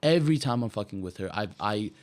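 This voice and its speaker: A man's voice: on the low side, expressive, quick pace, clean tone. A man hosting a podcast in casual chat, talking restlessly, jumping between thoughts and swearing casually. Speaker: podcast host.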